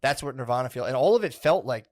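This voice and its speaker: A man's voice: medium pitch, quick pace. A man co-hosting a podcast, telling a story in a rambling, casual way with lots of fillers and swearing. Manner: rambling, filler-heavy, profane, animated retelling. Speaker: podcast co-host.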